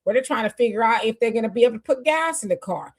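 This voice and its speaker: Woman in her fifties, livestream host, casual and rambling, voice sits a bit high. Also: animated, quick pace. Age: 50s. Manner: conversational, loose with fillers and restarts. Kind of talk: casual live talk to viewers.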